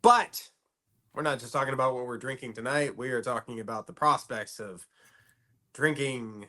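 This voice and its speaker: A man's voice: medium pitch, moderate pace, sharp tone. A man co-hosting a podcast in casual chat, giggly and rambling with lots of fillers. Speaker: podcast co-host.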